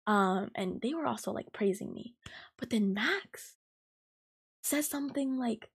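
A woman in her twenties hosting a podcast, venting heatedly and profanely about a coworker, talking fast with lots of fillers. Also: on the high side, breathy edge. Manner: fast and emphatic. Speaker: podcast host. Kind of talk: ranting storytime podcast.

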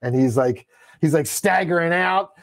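A man co-hosting a horror podcast, casually reviewing a movie and acting out scenes with quick voices. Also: fairly high pitch, dry recording. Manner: animated retelling with quick voices and laughs. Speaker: podcast co-host.

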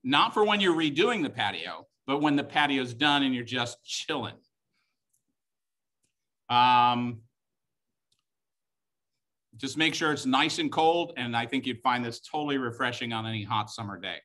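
A man's voice: medium pitch, lively intonation, unhurried, long pauses, sharp tone. A middle-aged man hosting a live-streamed wine tasting class, chatty and joking as he walks viewers through each wine. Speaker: wine tasting host and instructor.

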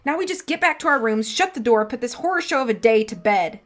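A woman's voice: a little high, animated, quick pace, close to an everyday voice. A woman reading aloud voices a sarcastic, reluctant young male sidekick. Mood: exasperated. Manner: sarcastic, exasperated.

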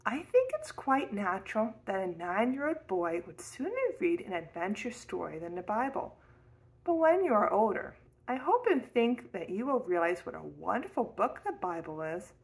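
A woman voicing an earnest young college woman who speaks in a measured, mildly reproving way. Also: medium pitch, sing-song, low-quality recording. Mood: gentle.

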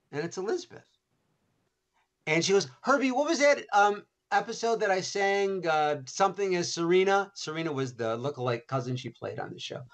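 A man, an author and interview guest, telling animated anecdotes with many restarts. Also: high voice. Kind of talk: storytelling interview.

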